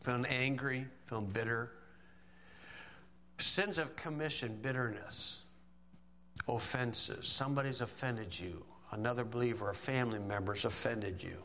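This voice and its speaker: A man's voice: medium pitch, unhurried, pushed and bright, big-room sound, slight background noise, low-quality recording. A man preaching a sermon in a folksy way, quoting scripture and joking with the congregation. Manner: folksy, joking asides between scripture quotes.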